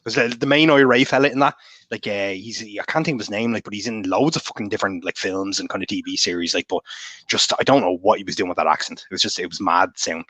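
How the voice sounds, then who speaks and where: A man's voice: on the low side, fairly bright tone, no room sound. An Irish man chatting as a guest on a casual podcast, rambling with lots of fillers. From Ireland. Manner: rapid, rambling, heavy on fillers and swearing. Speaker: guest author.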